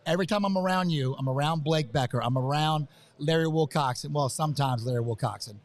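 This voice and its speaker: A man's voice: a little high, fairly quick. Fired-up man at a hotel business conference. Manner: pumped-up, rambling, repeats "man" and "fired up". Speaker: event guest. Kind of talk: excited live interview chat.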